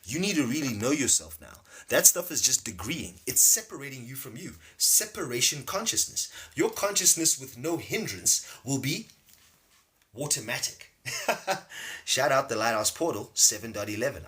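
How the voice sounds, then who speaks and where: Animated man lecturing. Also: mid-range voice, normal speed. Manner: rambling, animated, playful. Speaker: spiritual teacher. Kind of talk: live-streamed spiritual lecture.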